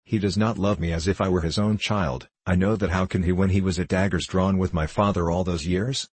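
A man's voice: deep voice, fairly even intonation, brisk, a little mellow, husky, no echo. A man voicing a bitter, distraught young woman haunted by her past. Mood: anguished.

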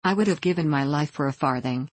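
A woman narrating a classic novel as an audiobook, in a measured, earnest reading. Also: low-pitched, dry recording.

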